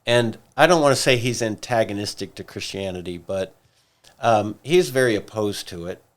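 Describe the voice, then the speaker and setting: A man co-hosting a church podcast, explaining ideas in a measured, thoughtful way. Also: on the low side. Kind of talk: casual podcast discussion.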